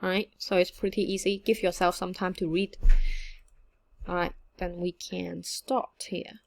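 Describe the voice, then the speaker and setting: Woman, unhurried teacher, casual lesson, lots of ums and uhs. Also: on the low side, gravelly. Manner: relaxed, chatty, mixes English with Cantonese examples, frequent fillers. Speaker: Cantonese teacher. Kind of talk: casual online language lesson.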